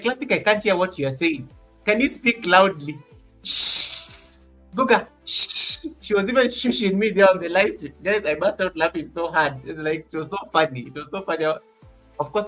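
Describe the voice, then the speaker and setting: A man's voice: fairly high pitch, fairly bright tone. A man hosting a live stream in casual chat from an office, teasing and laughing often and making mock threats.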